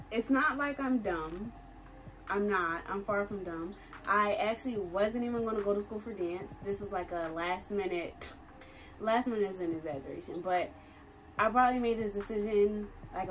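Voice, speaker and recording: A woman's voice: mid-range voice, fairly bright tone. Brief: young woman in her twenties, casual vlogger, chatty and laughing, mid-range voice, a bit distant from the mic over faint music. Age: 20s. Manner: chatty, laughs often, slangy asides. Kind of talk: casual talking-head vlog.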